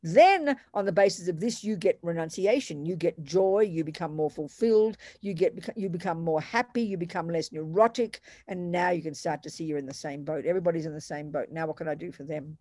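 A woman's voice: lowish voice, a little fast, few pauses, mellow, dry recording, clean studio sound. A woman teaching Buddhist practice in a Q&A over an online call, taking questions and acting out examples with quoted voices.

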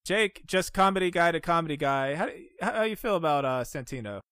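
A man's voice: fairly high pitch, animated, fairly quick, a bit bright, smooth, no room sound, clean studio sound. A man hosting a casual podcast, recapping events and laughing along with his co-host.

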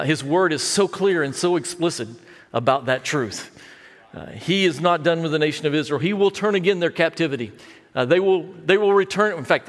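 High-voiced preacher in a reverberant hall. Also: male voice. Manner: builds to impassioned, higher-pitched delivery when retelling. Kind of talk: sermon.

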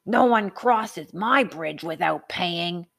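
A woman voicing a gruff, greedy male troll in a storybook. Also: fairly low pitch, expressive, takes it slowly, a bit bright, exaggerated voice. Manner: gruff, demanding, growling.

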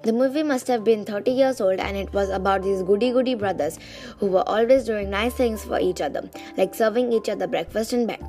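A woman's voice: mid-range voice, fairly quick, warm tone, soft background music. A young woman who has lost her voice reads a children's diary book aloud in a casual, chatty way, with small restarts. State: losing her voice. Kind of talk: casual storybook reading.

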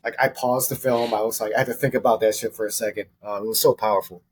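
A man hosting a casual podcast, retelling a film scene in quick, emphatic bursts. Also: fairly low pitch, fairly even intonation, a little hiss or hum.

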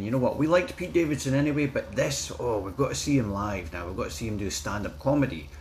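A man's voice: lowish voice, slight background noise. A Scottish man giving a blunt, outspoken review in a casual vlog, swearing and stumbling over his words as he talks.

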